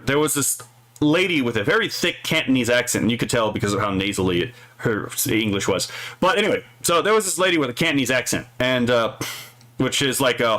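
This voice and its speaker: A man talking casually on a live stream, responding to viewer comments as he goes. He rambles loosely, keeps checking in with a quick "right?" and breaks into small chuckles between thoughts. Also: medium pitch, pushed and bright. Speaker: streamer reading chat.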